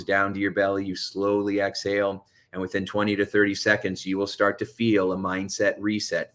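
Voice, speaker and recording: A man, a hypnotherapy coach, talking fast and urgently as he gives motivational self-help advice on calming anxiety. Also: on the low side.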